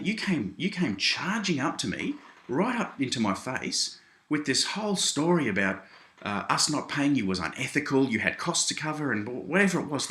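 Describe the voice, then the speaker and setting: Australian man, low-pitched but bright and forceful, indignant direct-to-camera rebuttal in an echoey room, "mate" in every other line. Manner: indignant, keeps saying "mate", many restarts. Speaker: video blogger responding to critics. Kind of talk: casual direct-address rant. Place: small home office.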